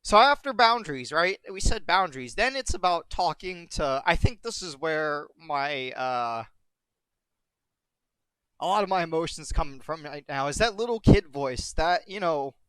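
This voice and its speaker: A man with a slightly high, smooth and resonant voice talks on a live stream, halting and repeating himself as he fights back tears. The sound is dry and close, with no room around it. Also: expressive, fairly bright tone, no room sound. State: tearful, on the verge of crying. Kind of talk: emotional live-stream monologue.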